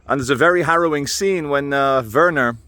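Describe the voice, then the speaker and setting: Out on a walk, a British man vlogs to his own camera in a slightly high, somewhat fast voice that sounds pushed and bright. The dry recording captures his wry, wandering monologue as he muses aloud and drifts into asides.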